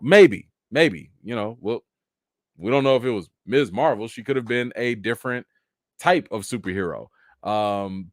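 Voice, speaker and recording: Heard in clean, dry studio sound, a live stream host with a voice on the low side runs a casual chat. He reads viewer comments aloud, replies to them and performs characters' lines in raised voices.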